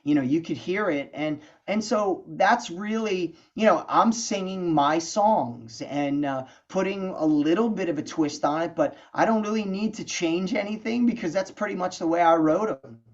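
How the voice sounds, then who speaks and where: A middle-aged man, a guest songwriter, telling stories in a casual interview, chatty and animated, filling his talk with "you know" and "man". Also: sits high, moderate pace, hardly any pauses. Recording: dull lo-fi sound.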